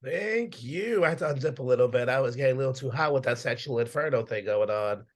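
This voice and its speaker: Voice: medium pitch, lively intonation, fast. Chatty open mic host. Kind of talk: casual hosting. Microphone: video call.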